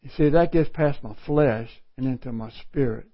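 A man's voice: mid-range voice, normal speed, muffled recording. A man preaching a sermon in a folksy, self-mocking way, laughing often as he works through a Bible passage.

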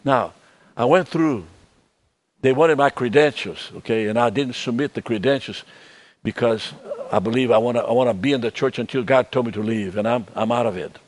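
Older man preaching, halting and soft. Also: medium pitch. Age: 70s. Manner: halting, repeats words, drops to soft tones. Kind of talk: sermon.

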